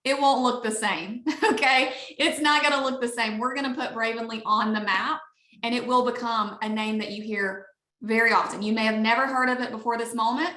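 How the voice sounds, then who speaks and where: Bright, eager Alabama woman selling hard on a video call; higher voice, roomy echo. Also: steady tone, brisk. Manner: upbeat, gushing, chatty. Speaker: network marketing leader. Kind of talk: enthusiastic sales pitch on a video call.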